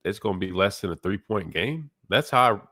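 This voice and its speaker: A man's voice: on the low side, expressive, moderate pace, pushed and bright, no echo, clean studio sound. A man hosting sports talk radio in a casual, rambling way, his voice nasal and congested. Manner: casual, rambling, many fillers.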